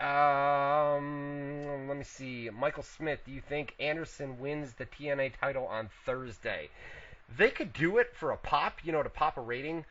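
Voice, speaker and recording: A man's voice: mid-range voice, measured pace, fairly bright tone. A man hosting an internet wrestling radio show in a casual, loose way, reading out listener questions and answering them. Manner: loose and profane, reads out names then answers. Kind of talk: casual wrestling news chat. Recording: dull lo-fi internet radio audio.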